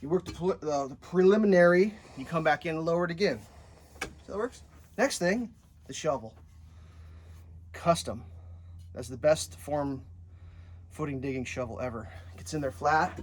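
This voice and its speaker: A man's voice: a little high, normal speed, long pauses, a little hiss or hum. A man who builds homes, talking through a casual how-to vlog at an outdoor building site while digging and scraping. He talks bluntly, jokes around and swears freely, recorded on a handheld camera. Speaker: home builder. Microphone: handheld camera, some of it filmed one-handed by himself.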